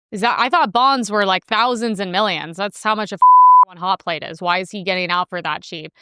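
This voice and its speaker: A young woman hosts her own commentary show, delivering sarcastic, rambling takes full of fillers. Her voice sits a little high, with a bright, smooth tone, and her pitch swings widely as she talks. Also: no echo, studio quality. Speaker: host. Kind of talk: casual commentary reacting to news clips.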